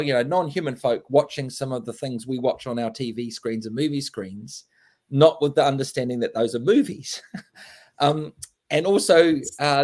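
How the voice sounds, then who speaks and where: An English man talks loosely and warmly about his book, circling back with fillers and restarts. His voice sits at an ordinary middle pitch. He speaks as a guest in a relaxed interview. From England. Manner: rambling, many fillers and restarts, laughs often. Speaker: author guest. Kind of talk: casual interview chat.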